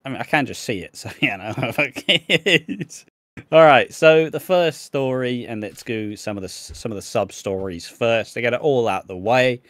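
A man's voice: mid-range voice, moderate pace, a bit bright, dry recording. British guy chatting on a podcast, swears a lot, laughs, dry close mic. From Britain. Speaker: podcast co-host. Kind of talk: casual chat. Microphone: home setup, on camera.

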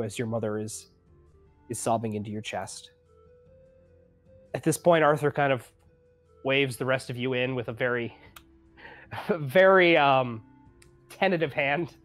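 A relaxed game master setting the scene in a tabletop game, chatty and easygoing, with frequent ums and laughter. The voice has a middling pitch. Soft music plays in the background. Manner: casual, laughing, many ums.

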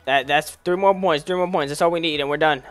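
A young man giving casual commentary while playing a basketball video game, slangy and excitable, calling out plays to the game. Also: a little high, quick pace, clean tone, faint music behind. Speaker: gaming YouTuber.

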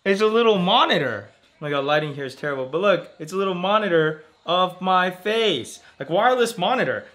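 Lively bright-voiced man vlogging. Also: high voice, a little fast. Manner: laughs often, excitable. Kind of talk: casual vlog chat.

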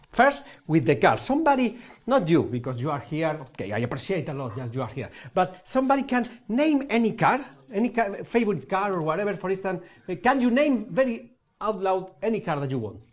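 A man's voice: sits high, a little hiss or hum. A Spanish man with a Spanish accent and broken English, performing a playful live magic show with audience laughter and banter. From Spain.

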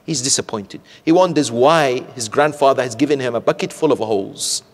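Speaking a little fast in a mid-range voice, a man delivers a sermon from the pulpit. He is a sheikh preaching in a community centre hall, telling stories and frequently asking the audience rhetorical questions, and the hall's long reverb colours the sound.

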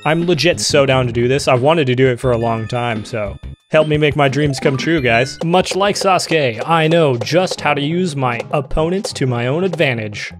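A young man narrates his gameplay in a jokey, deadpan-to-shrieking way, jumping into loud yelps when things go wrong. His pitch sits in the middle range. Game music plays clearly underneath him. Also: moderate pace. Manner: jokey, with sudden loud outbursts. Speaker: gaming YouTuber. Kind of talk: comedic let's-play commentary.

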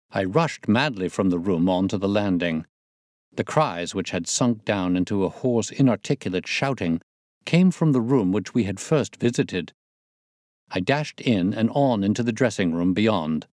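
A man narrating a classic detective story in a measured storytelling manner. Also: on the low side, a little mellow, no room sound, studio quality. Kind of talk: scripted narration.

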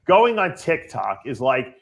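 A man's voice: medium pitch, big pitch swings, a little slow, creaky. A man hosting a podcast, teasing and laughing in casual banter, often restarting his sentences.

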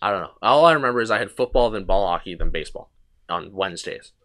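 A young man hosts a podcast in a lowish, slightly bright voice, talking fast with lively intonation. His long, casual story rambles, with many restarts, fillers and bits of swearing.

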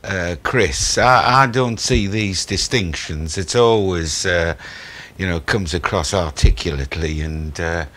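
Slow-talking wry man. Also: deep voice, fairly bright tone. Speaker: co-host of a vaping web show. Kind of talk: casual chat.

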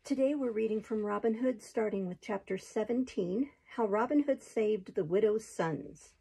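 A woman hosting her own show, reading a storybook aloud in a steady, even narration. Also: medium pitch, normal speed, gravelly, breathy edge, rough recording.

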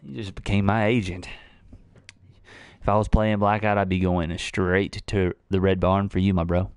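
A man's voice: sits low, level tone, moderate pace, clean tone, no echo. A young man chatting casually on a late-night game stream, thinking aloud and fumbling through the instructions for his new close mic. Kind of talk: casual live-stream chat. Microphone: new desktop condenser mic, close.

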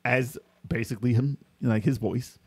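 A man hosting a podcast in casual chat, animated and laughing as he rambles through his retellings. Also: mid-range voice, normal speed, breathy edge. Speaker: podcast host.

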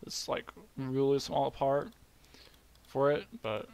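A young man casually narrating his own game project, rambling with bursts of high-pitched glee. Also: completely flat delivery, slow pace, a little mellow, clear, resonant tone. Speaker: hobby game developer. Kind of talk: casual screen-recorded devlog.

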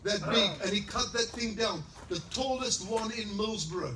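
A middle-aged man preaching a sermon as pastor, fiery at times and rising into shouted, sing-song exclamations. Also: sits high, normal speed, background noise. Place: church service in a large greenhouse hall. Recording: echoey hall, mic at a distance.

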